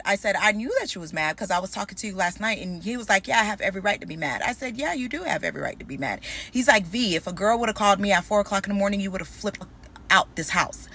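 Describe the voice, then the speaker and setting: A woman telling a personal story to camera, casual and animated, acting out both sides of a conversation. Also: medium pitch. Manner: animated, quotes people in dialogue.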